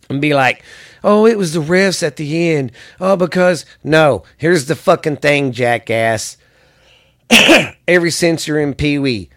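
A man hosting a sports podcast, ranting angrily and rambling with lots of cursing. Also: medium pitch. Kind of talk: profane ranting commentary.

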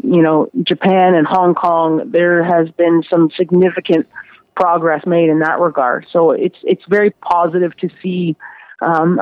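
A woman's voice: low-pitched, no room sound, phone-quality sound. A woman jockey, a guest on a radio interview, talking casually with many fillers and restarts.

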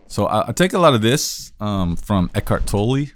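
A man's voice: fairly low pitch, big pitch swings, normal speed, no room sound. A man hosting a solo talk on communication, thinking aloud in a loose, casual way with frequent restarts. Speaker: podcast host teaching communication.

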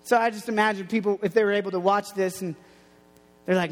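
A youth pastor speaks quickly in a high voice with fairly even intonation. His sermon to young people is casual and playful, built on stories and quotes he acts out. The audio carries long hall reverb.

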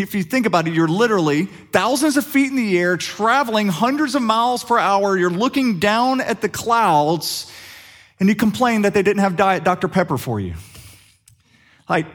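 A middle-aged pastor gives a sermon in a conversational, humorous style, speaking to his congregation like a friend and putting questions to them. His slightly high voice rises and falls with plenty of life, and he leans into jokes as he goes.

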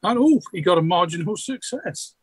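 Man, game master, slightly high voice, dry close sound, loose rambling narration. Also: expressive, normal speed, slightly rough, no echo, rough recording.

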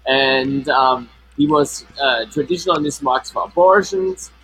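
A man's voice: mid-range voice, measured pace, a bit bright, a little hiss or hum, poor audio. A man co-hosting a casual live stream, talking with many stops and restarts, his voice run through a flanger effect. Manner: hesitant, many restarts and fillers. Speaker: co-host. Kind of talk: casual chat.

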